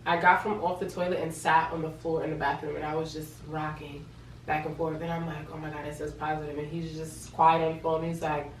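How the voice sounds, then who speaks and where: A woman's voice: low-pitched, brisk, far from the mic, slight background noise. Chatty young woman telling a story in an echoey room. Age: young adult. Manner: chatty, animated retelling with quoted dialogue. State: pregnant. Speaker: vlogger. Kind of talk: casual storytelling vlog.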